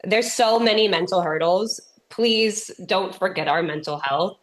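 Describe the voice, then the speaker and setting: A woman's voice: mid-range voice, measured pace. A woman in her thirties from Texas, a comedian giving a keynote talk as a chatty, self-deprecating storyteller while getting over a sinus infection. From Texas, USA. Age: 30s. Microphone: remote presentation.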